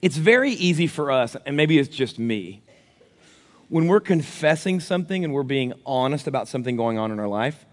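A man in his thirties, a pastor, giving a sermon with animated, self-deprecating stories. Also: medium pitch, normal speed, long reverb tail. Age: 30s.

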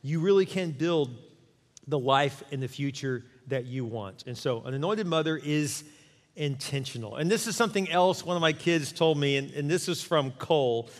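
A middle-aged male pastor preaching in a church sanctuary with a fairly high voice. He keeps it conversational and animated and acts out little quotes. His words ring on in a long hall reverb. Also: normal speed. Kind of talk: sermon.

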